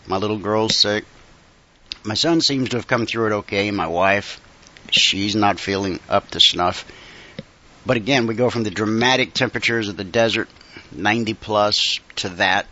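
A man's voice: fairly low pitch, normal speed, pushed and bright, highs cut off. A middle-aged man hosting a casual monologue, folksy and wry, a little congested from a cold. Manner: conversational and folksy, with wry asides.

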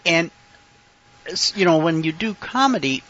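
A man's voice: on the high side, expressive, a little slow, fairly bright tone, lo-fi sound. A man hosting a radio talk show, rambling and chuckling as he reminisces. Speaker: radio host. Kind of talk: casual talk radio chat.

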